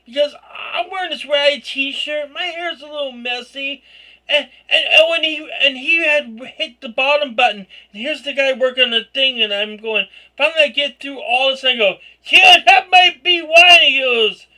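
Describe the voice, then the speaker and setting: A man telling an embarrassing story in a casual vlog rant, rambling and excitable, often bursting into loud shouts. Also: very high voice, moderate pace. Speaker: vlogger.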